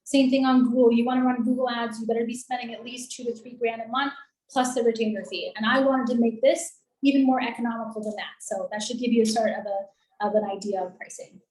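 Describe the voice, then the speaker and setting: A woman talking in a chatty, upbeat, persuasive way, pitching her business on a video call. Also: fairly even intonation, quick pace, darkish tone. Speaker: lead generation and call center business owner. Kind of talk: casual sales pitch on a coaching call. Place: in Colombia. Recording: roomy echoey room.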